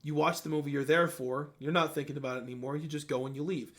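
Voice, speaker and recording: A man's voice: fairly high pitch, quick pace. A man hosting a casual podcast chat, telling a story with lots of swearing and acted-out quotes. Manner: animated storyteller, swears freely, acts out quotes. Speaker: podcast host.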